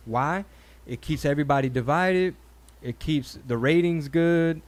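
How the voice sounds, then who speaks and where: A man hosting a laid-back podcast conversation. He tells stories with animated energy, slipping into voices when he quotes people. His talk is loose and full of swearing. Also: medium pitch, normal speed, few pauses. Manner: animated storyteller, acts out quotes, swears freely. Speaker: podcast host. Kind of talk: casual chat.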